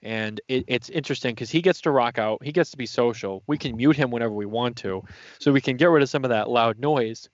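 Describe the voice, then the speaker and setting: A man's voice: mid-range voice, a little fast, no room sound. A man co-hosting a live show in an easygoing, casual way, often stumbling and restarting his words. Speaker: co-host. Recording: dry, slightly dull lo-fi sound.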